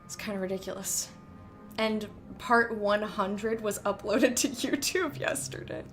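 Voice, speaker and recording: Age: young adult. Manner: excitable woman streamer. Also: mid-range voice, a little slow, soft background music. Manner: excitable, giggly. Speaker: streamer playing a game. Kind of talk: casual gameplay commentary.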